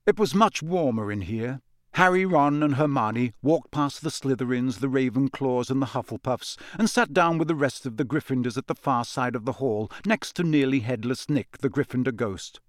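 A man's voice: medium pitch, no echo. Man narrating an audiobook, dry close sound. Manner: measured, expressive storytelling. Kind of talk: scripted narration.

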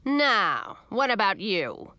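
A woman's voice: very animated, slow, bright, forceful tone, dry recording, exaggerated voice. A woman voicing a cranky, bossy old witch grandmother who barks and sneers in a storybook reading. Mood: scornful. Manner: barking, scornful, shrill at times.

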